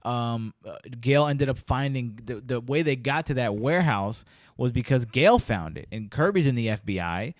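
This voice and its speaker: A man's voice: medium pitch, animated, normal speed, dry recording, clean studio sound. A man hosting a podcast, chatting casually about a movie and acting out scenes in quoted voices. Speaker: podcast host. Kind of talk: casual movie review chat.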